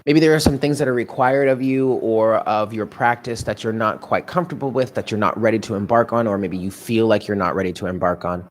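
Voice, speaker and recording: A man's voice: on the low side, fairly quick, hardly any pauses. Chatty, musing man doing a tarot reading. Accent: New York. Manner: musing, chatty, often laughing to himself. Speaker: tarot reader.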